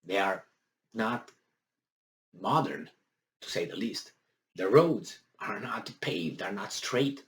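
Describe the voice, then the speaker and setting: A man's voice: fairly low pitch, lively intonation, takes it slowly, pauses often. A man talking to his viewers in a casual, indignant political commentary, rambling with many fillers.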